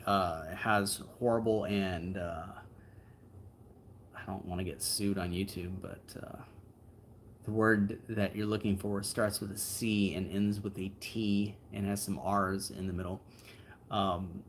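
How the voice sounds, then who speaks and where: A man's voice: on the low side, fairly bright tone, a little hiss or hum. A man hosting a livestream, chatting casually with viewers and answering their comments in an easygoing, rambling way. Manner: easygoing, rambling, frequent fillers and asides. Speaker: livestream host.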